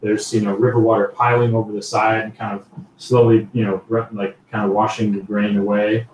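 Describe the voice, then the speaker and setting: A man's voice: lowish voice, little pitch movement, brisk, a little mellow. A man narrating as game master of a tabletop game, rambling with many fillers. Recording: roomy, distant mic, faint noise.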